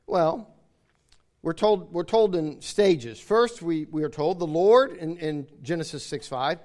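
A man with a high voice preaches a sermon with emphasis. He repeats key phrases to drive his points home and calls out to his listeners for agreement. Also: measured pace, a little mellow.

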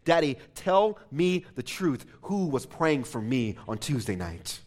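A man reading out the halting, stammering pleas of a remorseful teenage daughter in a sermon. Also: mid-range voice, sing-song, voice pushed down. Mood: urgent.

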